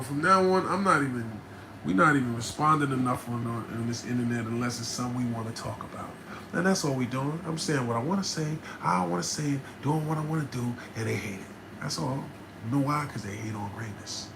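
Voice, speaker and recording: A man hosting a casual livestream, answering viewer questions in a loose, emphatic way that bursts into loud, animated stretches. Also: mid-range voice, brisk, noisy background. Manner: repeats "you know what I'm saying".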